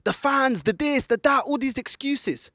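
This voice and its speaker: This man's very high, bright voice has a forceful tone and a measured pace, recorded dry at studio quality. He rants angrily in a football fan vlog filmed outdoors in a car park, with a friend holding the camera and Portuguese slipping in now and then.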